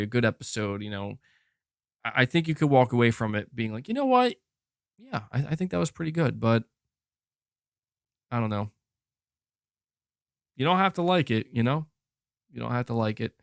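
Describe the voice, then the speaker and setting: A man's voice: mid-range voice, a bit bright, clear, resonant tone, dry recording, clean studio sound. A young man hosting a gaming podcast, casually rambling in reply to chat comments with many restarts and "bro". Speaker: podcast host reading chat.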